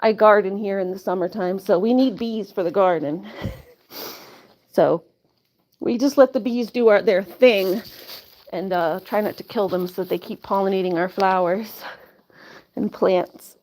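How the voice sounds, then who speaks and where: A woman runs a casual live stream from inside her home using a phone or webcam camera, chatting meanderingly with viewers amid frequent "like"s, light laughter, and cooing to her pets. Her medium-pitched voice is unhurried and darkish, with frequent pauses.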